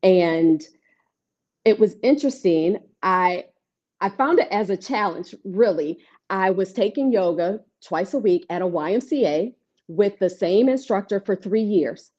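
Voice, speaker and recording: A woman yoga instructor talking in an interview, telling her story in an animated, conversational way. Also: medium pitch, unhurried. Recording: dull lo-fi audio.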